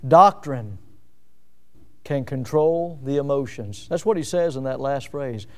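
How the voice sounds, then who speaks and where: A middle-aged man, preaching an evening sermon in an earnest manner, slowing down to recite hymn verses. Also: medium pitch. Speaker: pastor.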